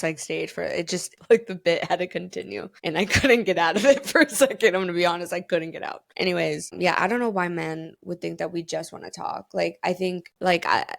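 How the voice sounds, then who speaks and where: Candid, profane woman podcast host. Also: on the low side. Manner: candid, profane, rambling storytelling with frequent laughter. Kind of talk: casual chat.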